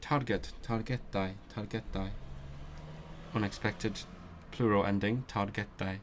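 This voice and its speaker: A man speaks in a low, steady voice, very slow and unhurried, muttering through word drills on a casual study stream. Thinking aloud, he repeats words slowly and restarts often in low-key self-talk, with background noise present.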